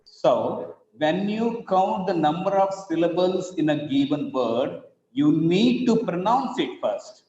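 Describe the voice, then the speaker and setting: A man teaching over slides, explaining slowly and repeating his examples. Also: fairly high pitch, lively intonation, mellow. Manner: slow, repetitive explaining with spelled-out examples. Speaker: English teacher. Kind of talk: recorded lecture over slides. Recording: echoey, dull lo-fi room recording.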